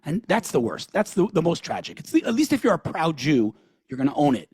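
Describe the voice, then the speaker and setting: Fast-talking husky man, earnest host. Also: a little high, sing-song, darkish tone, no echo. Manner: fast, earnest, restarts often, acts out quotes. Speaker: podcast host. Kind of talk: impassioned discussion.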